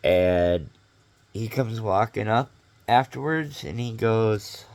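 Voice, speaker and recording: A man's voice: fairly low pitch, slow pace, a little mellow. A man telling a rambling story to camera in a casual vlog, full of fillers and swearing. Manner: rambling, filler-heavy, profane.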